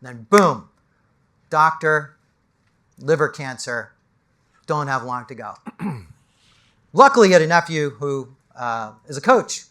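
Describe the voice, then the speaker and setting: Middle-aged New man, executive coach, animated motivational storyteller with a slightly higher voice, drops to a hush for the heavy parts. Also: a little slow, pauses often. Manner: animated, storytelling, swings from loud to hushed. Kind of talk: motivational talk.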